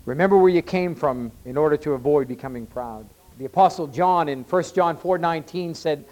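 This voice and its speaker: A man preaching a sermon as pastor, swelling louder on key points and slowing down to read scripture aloud. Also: a little high, rough recording. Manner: builds to loud emphatic rises, slows to read scripture.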